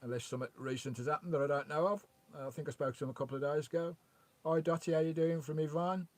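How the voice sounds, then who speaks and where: A man hosting a relaxed vanlife livestream outdoors by a lakeside. He chats on, greets viewers by name and reads out their comments. He talks into a remote microphone, steady and conversational. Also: a little high, fast. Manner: chatty, greets and reads out viewers' chat messages. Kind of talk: casual live-stream chat. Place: outdoors by a loch beside his van.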